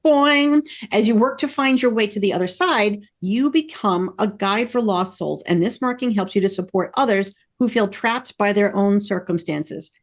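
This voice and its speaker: A woman hosting a podcast interview, chatting in an excited, effusive and rambling way. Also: medium pitch, normal speed, few pauses. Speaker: podcast host. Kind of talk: casual interview chat.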